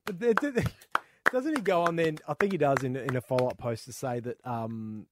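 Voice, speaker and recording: A man's voice: mid-range voice, moderate pace, noisy background. An Australian man co-hosting a gaming podcast, chatting casually and ranting with plenty of swearing. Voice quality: swears freely, exasperated ranting. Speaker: podcast co-host. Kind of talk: casual chat.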